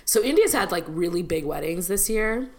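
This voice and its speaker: A woman's voice: lowish voice, animated, moderate pace. A woman co-hosting a casual chat, giggling and chatting with many restarts.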